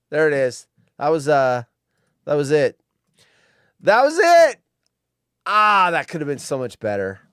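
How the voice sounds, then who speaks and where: A man's voice: fairly high pitch, fairly bright tone, clear, resonant tone, no echo, clean studio sound. A man hosting a live-stream show alone, reacting with sarcastic, rambling commentary and muttered asides. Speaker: show host.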